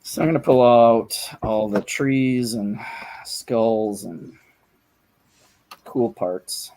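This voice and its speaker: A man's voice: medium pitch, drawn-out words, darkish tone. A man co-hosting a casual chat on a video call, talking in a laid-back way with fillers. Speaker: co-host.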